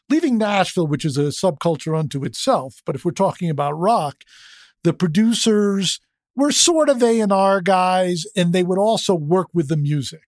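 A man's voice: sits high, darkish tone, no echo, clean studio sound. Emphatic man hosting an interview. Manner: emphatic, explains at length before asking. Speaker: podcast host, interviewer. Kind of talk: podcast interview.

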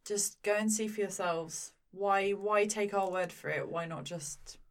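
A woman playing a tabletop game, calm and agreeable. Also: medium pitch, measured pace. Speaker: player.

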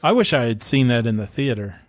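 A fast-talking man drops short, quick replies into a relaxed conversation. His voice sits at an ordinary pitch, and the sound is dry and close to the mic. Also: no room sound. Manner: brief reactive interjections. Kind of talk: casual chat.

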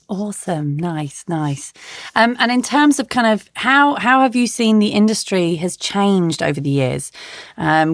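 A woman's voice: lowish voice, creaky, no room sound. Woman podcast host, effusive and upbeat, dry close-mic sound. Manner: enthusiastic, effusive praise. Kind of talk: interview podcast.

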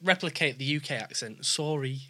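Lively Yorkshire man, bright voice. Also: a little high, normal speed. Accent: Yorkshire English. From Yorkshire, England. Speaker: presenter. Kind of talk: casual chat.

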